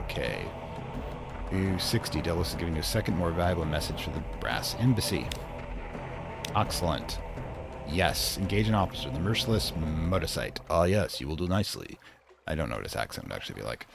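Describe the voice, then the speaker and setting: A man's voice: low-pitched, sing-song, brisk, vocal fry, noisy background. A man hosting a let's play, casually thinking aloud and reading game text.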